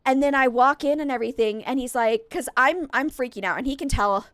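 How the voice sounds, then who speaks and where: A woman's voice: sits high, fairly quick, dry recording, studio quality. A woman game streamer chatting with her viewers and telling a rambling story, full of fillers. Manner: rambling, chatty, heavy use of "like" and "um"; greets and thanks chat warmly. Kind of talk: casual live-stream chat and storytelling.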